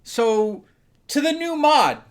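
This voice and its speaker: A man's voice: extremely high pitch, very animated, takes it slowly. A man hosting a casual live stream, rambling as he talks to his viewers and moderators by name, a little loose from bourbon.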